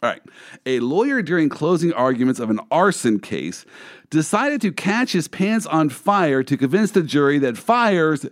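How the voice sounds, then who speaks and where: A man's voice: a little high, big pitch swings, normal speed. A man hosting a podcast, chatting casually and playfully with his guest and laughing often. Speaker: podcast host, lawyer. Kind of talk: casual interview chat.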